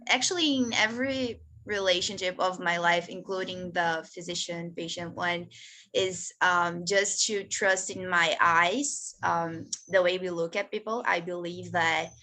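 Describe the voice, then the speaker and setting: A woman hosting a conversation, who speaks reflectively and hesitantly, with many pauses and ums. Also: fairly low pitch, steady tone, pushed and bright. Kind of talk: casual chat.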